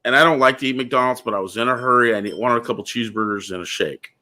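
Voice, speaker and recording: A man's voice: mid-range voice, fast talker, sharp tone. A man hosting a casual talk show, speaking bluntly and ranting, often calling the listener "dude.". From California. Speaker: podcast host.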